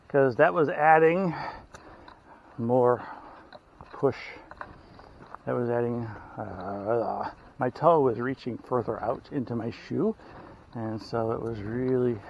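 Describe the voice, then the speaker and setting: A man's voice: mid-range voice, vocal fry, lo-fi sound, slight background noise. Rambling man vlogging on a hiking trail. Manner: rambling, self-correcting, chatty. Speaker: hiker vlogger. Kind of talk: casual trail vlog, explaining tips.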